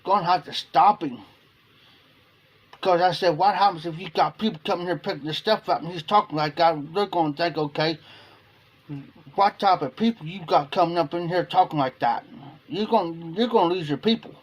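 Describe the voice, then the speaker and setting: A man's voice: a little high, fairly quick. A man hosting a casual livestream, telling a long story to his chat and repeating "I said" as he goes. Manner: rambling, repeats "I said" while retelling. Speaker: livestream host.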